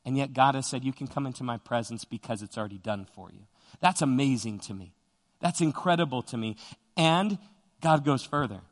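A man's voice: fairly high pitch, a bit bright. A young man preaching a sermon in an earnest, conversational way, often repeating himself. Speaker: pastor. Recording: long hall reverb.

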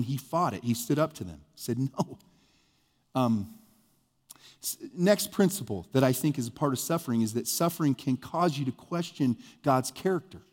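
A male pastor, giving a conversational sermon with sudden bursts of emphasis. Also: in a large hall. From US Midwest. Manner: conversational, animated preaching with sudden rises in pitch and volume.

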